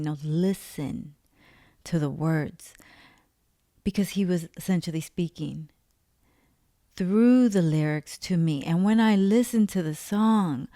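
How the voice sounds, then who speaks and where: A woman's voice: fairly low pitch, darkish tone, dry recording, studio quality. A woman giving an earnest, emotional spiritual testimony, repeating phrases for emphasis. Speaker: faith vlogger.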